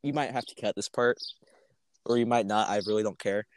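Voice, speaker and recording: A man's voice: fairly low pitch, steady tone, brisk, a little hiss or hum. A teenage boy, a podcast guest, chatting casually, rambling with restarts and frequent laughter. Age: teens. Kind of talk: casual chat.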